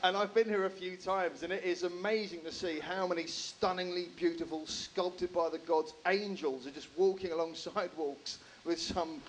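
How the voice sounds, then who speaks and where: Animated stand-up comedian. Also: male voice, high-pitched, normal speed, few pauses, a little hiss or hum, rough recording. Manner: animated, acts out characters, swears freely. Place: live comedy room.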